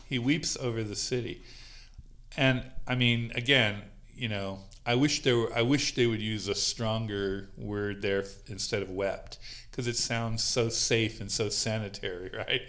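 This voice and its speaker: Guy leading a bible study, slow and loose, pitch jumping all over, lots of you-knows. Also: pushed and bright. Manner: conversational, many fillers and laughs. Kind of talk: informal teaching on a call.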